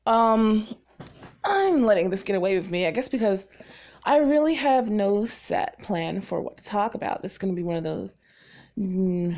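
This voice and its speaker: Chatty woman podcaster rambling fast. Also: mid-range voice, gravelly, darkish tone. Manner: chatty, rambling, quick bursts with frequent fillers. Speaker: podcast host. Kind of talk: casual solo podcast monologue.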